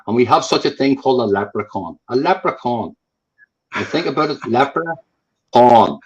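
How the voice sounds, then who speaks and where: A man's voice: medium pitch, expressive, fairly quick, breathy edge. A man from Northern Ireland with a Northern Irish accent, talking in blunt, profane casual chat and repeating himself for emphasis. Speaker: guest on a live chat stream. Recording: dull lo-fi call audio.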